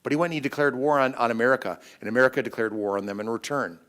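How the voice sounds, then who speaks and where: Middle-aged guy lecturing on history in a church hall, lively, lots of restarts and asides. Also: mid-range voice. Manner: animated, quick asides and restarts.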